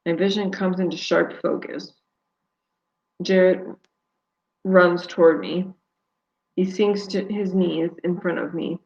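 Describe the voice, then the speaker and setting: A woman's voice: lowish voice, fairly even intonation, takes it slowly, creaky, long pauses, darkish tone, lo-fi sound. A woman author reading her novel aloud live, narrating steadily in first person.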